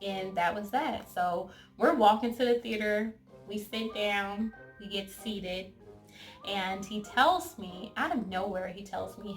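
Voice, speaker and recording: A woman's voice: mid-range voice, measured pace, faint music behind. Chatty young woman telling a story. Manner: chatty and animated, quotes others in lively asides. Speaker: storytime vlogger. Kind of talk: casual storytelling to camera.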